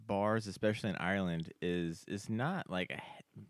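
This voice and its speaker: A man co-hosting a laid-back podcast, reacting freely and pressing with curious follow-up questions. His voice sits on the low side and is recorded close on a dry mic. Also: moderate pace, no room sound. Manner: easygoing, reacts with laughter and swearing, asks follow-up questions. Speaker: podcast co-host. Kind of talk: casual podcast chat.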